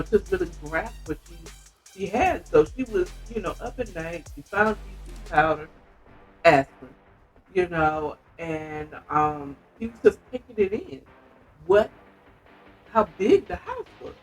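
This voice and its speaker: A woman's voice: medium pitch, a little mellow. A woman hosting a podcast who casually retells a book's plot with rambling asides. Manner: chatty, rambling, with frequent asides. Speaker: podcast host reviewing a book. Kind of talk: casual storytelling recap.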